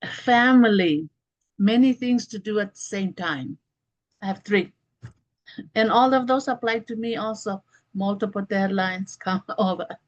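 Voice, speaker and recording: A woman's voice: mid-range voice, measured pace, no echo, dull audio. A woman joining a video call workshop, apologetic and reading items from her list. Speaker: workshop participant. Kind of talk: casual video call chat.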